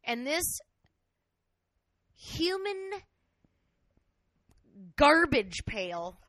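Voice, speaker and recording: A woman co-hosting a casual chat, telling a crude, outraged story in an animated way. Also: high voice, extremely slow, dry recording.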